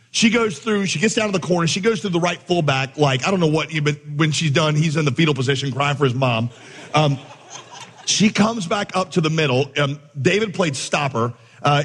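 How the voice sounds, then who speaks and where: Pastor guy telling a story in a sermon, kinda high husky voice, big reverb hall. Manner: animated storyteller, acts out voices, laughs along.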